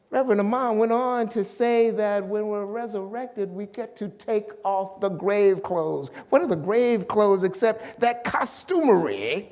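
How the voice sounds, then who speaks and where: Slow, emphatic preacher in a reverberant hall. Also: male voice, high voice. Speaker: pastor. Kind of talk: sermon.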